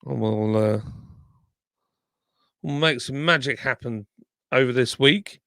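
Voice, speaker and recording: A man's voice: medium pitch, takes it slowly, creaky, a bit bright, no echo, clean studio sound. A man hosting a live stream, chatting casually and reading viewer comments aloud while nursing a sore tongue. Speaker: livestream host.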